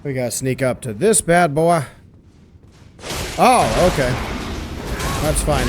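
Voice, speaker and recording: Hoarse man narrating a game walkthrough. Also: medium pitch, lively intonation, normal speed, long pauses, noisy background. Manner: chatty, teases the enemies. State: hoarse, lost his voice. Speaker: gameplay walkthrough host. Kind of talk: casual game commentary.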